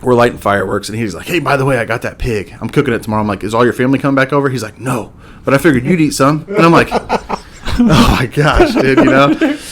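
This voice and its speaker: A man's voice: medium pitch, quick pace, a little hiss or hum. A man in his thirties, a guest on a casual podcast, telling stories and laughing as he quotes his neighbors. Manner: laughs through stories, lively quoting of neighbors. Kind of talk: casual storytelling chat. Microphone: podcast mic at a table.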